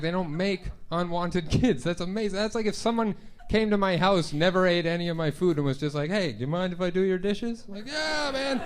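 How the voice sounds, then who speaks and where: A young man doing a stand-up comedy set in a club, talking in a conversational, self-deprecating way and jumping into quick voices for his stories. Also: sits high, a little hiss or hum. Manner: conversational, self-deprecating, punchy act-outs.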